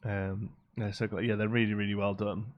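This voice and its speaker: A man's voice: on the low side, flat delivery, brisk, lo-fi sound. A man chatting casually on a live game stream, reading and answering chat as he builds.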